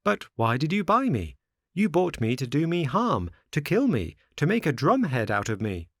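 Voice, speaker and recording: In a clean studio recording with no room sound, a man voices a cheeky, boastful wooden puppet boy. He pitches his voice on the high side, above his own, speaking at normal speed in a playful, mocking sing-song.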